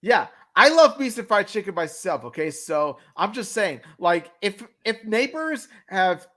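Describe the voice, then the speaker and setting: Casual higher-pitched male co-host. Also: big pitch swings, measured pace, bright, forceful tone. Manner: opinionated, with lots of fillers. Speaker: co-host of a cartoon review stream. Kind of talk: casual review chat.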